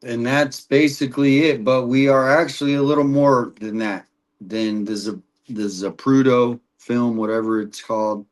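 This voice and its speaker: A man's voice: mid-range voice, steady tone, normal speed. Rambling male livestream host. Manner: rambling, reads viewer comments aloud. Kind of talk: casual livestream chat.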